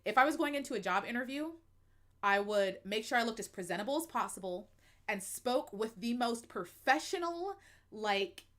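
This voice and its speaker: American woman, stream host; frank, expressive, laughs a lot, easy chatty delivery. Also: a little high, moderate pace. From United States. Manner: frank, expressive, laughs often, uses fillers like um and like. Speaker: livestream host. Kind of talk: candid personal chat to viewers.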